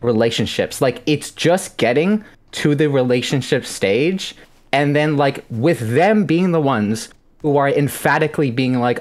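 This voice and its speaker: A man's voice: mid-range voice, animated, a little slow, a little mellow. A man in his late twenties calling in for relationship advice, rambling and stammering, with plenty of swearing. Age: 20s. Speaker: caller. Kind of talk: call-in on a stream.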